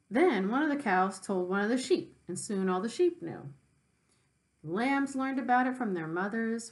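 Woman teacher, storybook read-aloud, lively pitch, expressive, explains words for kids. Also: rough recording. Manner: expressive, with brief explanations for children. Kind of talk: reading a children's book aloud.

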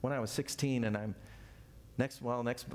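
A man's voice: mid-range voice, fairly even intonation, normal speed, darkish tone. A man in his fifties teaching a Bible study in a folksy, conversational way, with self-deprecating asides. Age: 50s.

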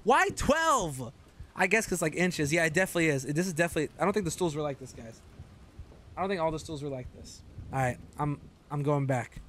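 A man's voice: fairly high pitch, fairly quick, a little hiss or hum. A man streaming a game live, chatting to viewers, swearing freely and yelping when startled. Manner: excitable, swears a lot, yelps when startled. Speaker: gaming streamer. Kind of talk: live gameplay commentary.

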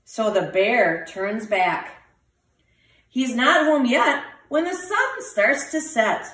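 High, lively woman reading a storybook. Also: takes it slowly, far from the mic. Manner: lively, animated voices for the animal lines. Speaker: teacher reading a picture book. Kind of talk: storybook read-aloud for children. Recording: roomy, from the mic.

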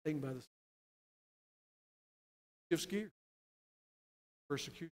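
A man preaching a sermon as pastor, building to loud, emphatic, stressed phrases. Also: a little high, takes it slowly. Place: church sanctuary. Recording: long church reverb.

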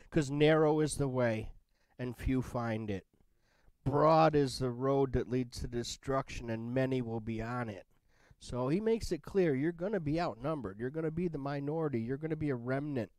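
A male Bible study teacher talks in a relaxed, conversational way and keeps asking "right?". His voice sits at an average pitch, and the recording is dry and close. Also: no room sound.

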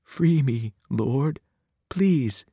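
A man voicing a frightened, humble zebra that speaks softly and pleads. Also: medium pitch, animated, extremely slow, breathy edge, dry recording, studio quality, exaggerated voice. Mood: pleading.

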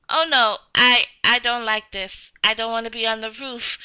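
High, bright, whiny woman playing a kid. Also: measured pace, clean tone. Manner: whiny, childlike, excitable. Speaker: game video creator. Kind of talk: playful game role-play as a child.

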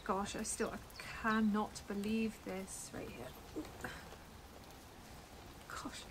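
A young woman vlogging a casual unboxing of a plush, excited and amazed, rambling with fillers and restarts, recorded on a camera mic on a tripod at home. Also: mid-range voice, takes it slowly, long pauses, noisy background.

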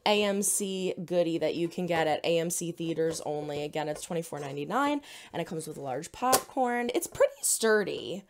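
Excited chatty woman with a Jersey accent. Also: on the low side, noisy background. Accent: New Jersey. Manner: gushing, excited, chatty with quick asides. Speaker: reaction video host. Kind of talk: casual unboxing and review chat.

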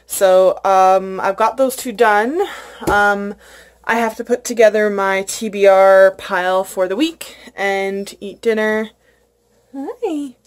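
Young woman book vlogger, casual home chat, gushing, filler-heavy. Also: medium pitch. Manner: chatty, gushing, many fillers.

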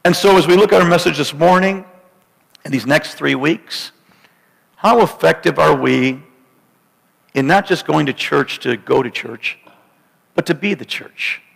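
A man preaching a sermon with high, gravelly intensity, his bright, forceful delivery ringing through a church sanctuary with a long reverb. He builds emphatic, dramatic points and breaks them up with joking asides to the congregation. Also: unhurried, pauses often. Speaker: pastor.

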